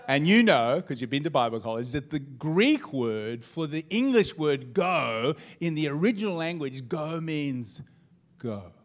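A middle-aged man preaching a sermon as pastor, telling humorous stories with lively swings in his voice. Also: a little slow. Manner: humorous storytelling, animated pitch swings.

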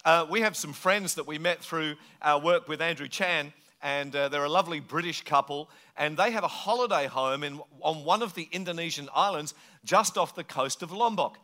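A middle-aged man preaching a sermon, telling a story in an animated, anecdotal way. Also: a little high, moderate pace. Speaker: pastor.

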